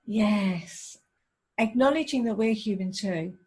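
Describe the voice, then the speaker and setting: A woman's voice: medium pitch, takes it slowly, darkish tone, slightly rough. A woman, a relationship counsellor, hosting a podcast interview and talking in an empathetic, thinking-aloud way.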